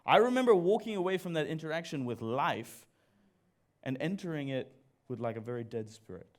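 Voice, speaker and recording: A man giving a church sermon, telling a personal story in an animated way and joking about himself as he speaks to the congregation. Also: on the high side, brisk. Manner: animated storyteller, jokes at own expense, addresses audience. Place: church service.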